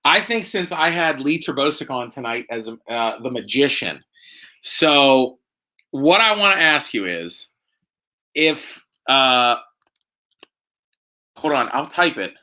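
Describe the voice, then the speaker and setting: A man's voice: medium pitch, very animated, slow pace, pauses often, pushed and bright. A man hosting a casual live stream from home, tipsy from drinking, rambling and joking with lots of fillers. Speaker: host.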